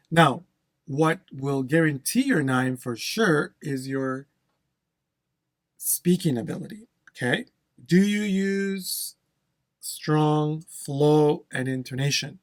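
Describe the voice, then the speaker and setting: Slow, checking-in exam-prep instructor. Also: medium pitch, no echo. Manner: frequent "okay?" checks, addresses viewers as everyone.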